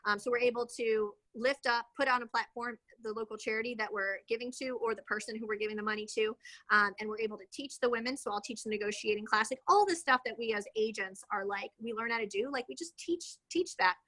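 A woman's voice: fairly high pitch, fast, sharp tone, rough recording. A woman in her thirties, a real estate agent guest, talking casually in an interview, chatty and rambling with many fillers.

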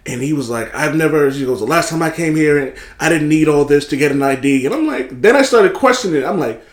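A man telling a story in casual, animated chat, swearing freely and acting out what others said. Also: a little high, quick pace, roomy sound. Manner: animated, swearing, acts out quotes in other voices.

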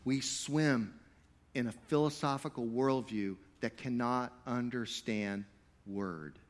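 Animated male preacher, loud then hushed. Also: slow pace. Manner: animated preaching, swinging between loud emphatic stretches and low quiet asides; playful, jokey with the crowd. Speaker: pastor. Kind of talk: sermon to a live congregation.

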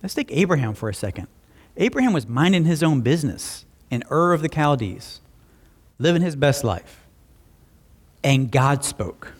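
A male pastor preaching a sermon, telling stories in an animated way with personal asides. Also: fairly high pitch, moderate pace, slightly rough.

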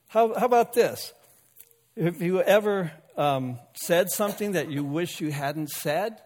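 A man's voice: high-pitched, expressive, a little slow, a little mellow, long reverb tail. A male pastor delivering a sermon in a folksy, conversational way, joking with and calling out to his congregation. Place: church sanctuary.

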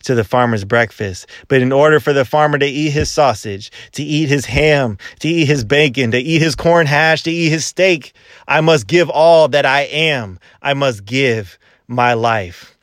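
A solemn male pig from a spoken parable with a deep, bellowing voice, as a preacher puts him on. He speaks lower than the narrator, grave and steady, in a dry, close sound. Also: unhurried, dry recording, natural voice.

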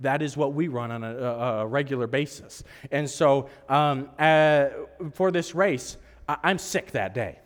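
A hoarse man preaching a sermon, telling a story in an animated, self-mocking way and laughing often. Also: medium pitch, measured pace. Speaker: pastor. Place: church service hall. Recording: echoey hall reverb.

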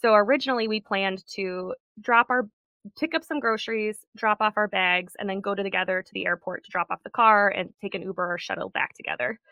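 Young woman, chatty, laughing a lot as she tells her trip story, bright tone. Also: medium pitch, steady tone, fairly quick, no echo. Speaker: podcast guest. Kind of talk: casual chat.

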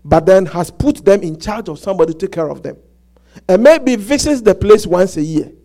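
A male pastor preaching a sermon, animated and repetitive, often stopping to ask the congregation if they follow him. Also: sits high. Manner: repetitive, asks the congregation "Do you get it?"; halting restarts, animated storytelling.

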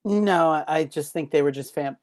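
Podcast co-host, casual chat, short agreements and relaxed explanations. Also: medium pitch, moderate pace. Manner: brief agreeing interjections and easy explanations.

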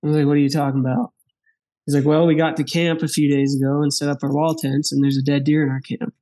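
A man telling a hunting story in casual chat, animated, laughing and acting out the dialogue of the people in it. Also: fairly high pitch, fast talker. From Wyoming. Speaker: podcast guest.

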